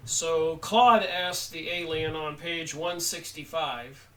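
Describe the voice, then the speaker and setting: A man giving an unhurried spoken book review, halting often with pauses as he talks. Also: on the high side, bright, forceful tone, distant mic, poor audio. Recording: voice set back from the mic.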